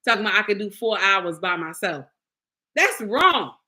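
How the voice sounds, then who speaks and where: A woman's voice: medium pitch, sing-song, moderate pace, sharp tone. Chatty woman hosting a livestream. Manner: chatty, playful, talks to viewers by name. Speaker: livestream host. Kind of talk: casual livestream chat.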